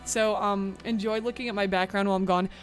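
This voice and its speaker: A woman's voice: medium pitch, fairly even intonation, fairly quick, smooth, faint music behind. A young woman streamer, bubbly and chatty with lots of "like" fillers, talking casually to her live chat from a room at home. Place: home room with a bright window.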